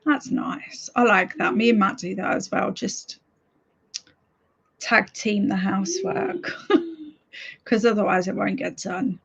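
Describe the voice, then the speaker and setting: A woman's voice: medium pitch, expressive, slow pace, creaky, pauses often, lo-fi sound, a little hiss or hum. A woman hosting a reading livestream, chatting casually and giggling as she reads out viewer comments. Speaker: streamer hosting reading sprints.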